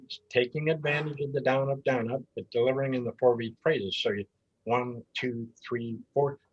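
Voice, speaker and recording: A square dance caller taking part in a video-call discussion, demonstrating calls by counting and chanting the beats. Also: male voice, mid-range voice, steady tone, fast, highs cut off, a little hiss or hum. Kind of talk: online group discussion.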